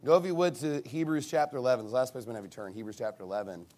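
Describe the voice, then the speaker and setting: A male pastor preaching a sermon in an animated, emphatic way, with sarcastic asides. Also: medium pitch, very fast.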